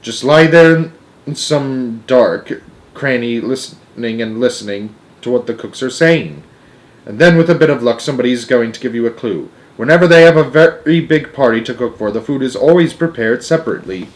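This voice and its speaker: A man's voice: medium pitch, expressive, moderate pace, lightly acted. A man doing a firm, proper old grandmother. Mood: brisk.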